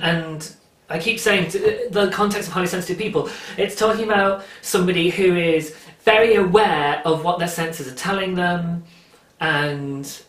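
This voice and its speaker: A podcast host talking casually on their own, earnest and encouraging, often restarting sentences. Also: mid-range voice. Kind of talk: casual solo podcast monologue. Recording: roomy, distant from the mic.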